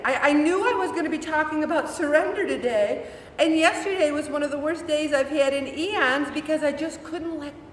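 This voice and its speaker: A middle-aged woman leading a faith-based weight-loss support group in a church meeting room, acting out her own inner dialogue in an animated way. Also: high-pitched, slight background noise. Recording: echoey room from far off.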